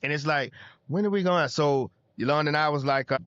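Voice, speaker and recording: A man's voice: fairly high pitch, lively intonation, fast talker, a bit bright, dry recording, lo-fi sound. A man, a podcast guest, speaking earnestly and plainly in casual conversation. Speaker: podcast guest, nonprofit director.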